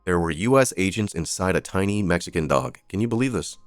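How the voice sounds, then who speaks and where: A man with a very low voice runs a live stream of political news commentary. He reads headlines aloud and breaks off into sarcastic, profane asides. Soft music plays faintly behind him. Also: expressive, fairly quick, no room sound. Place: streaming setup.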